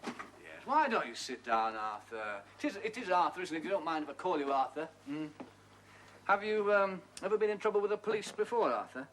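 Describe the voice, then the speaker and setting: A sly, mocking detective leans into every question with a lilting, sing-song delivery, his voice riding fairly high and swooping up and down. He needles the suspect, chuckling and taunting as he presses for a confession. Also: very animated, fairly quick, fairly bright tone, slight background noise. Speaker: police detective. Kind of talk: broadcast drama acting.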